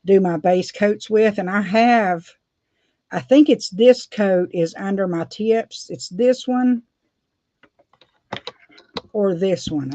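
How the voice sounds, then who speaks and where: A woman's voice: lowish voice, dark tone, no room sound. Middle-aged woman, chatty nail vlogger, muffled dry home recording. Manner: rambling, laughs often. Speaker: beauty vlogger. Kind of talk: casual chat while doing nails. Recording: dull dry lo-fi sound.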